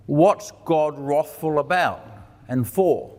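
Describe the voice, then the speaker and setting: A man's voice: on the high side, lively intonation, slow, darkish tone. A man giving a conversational sermon. He asks questions and answers them himself, and he acts out the quoted lines of dialogue with changes in his voice. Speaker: preacher and teacher. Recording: long reverb of a hall.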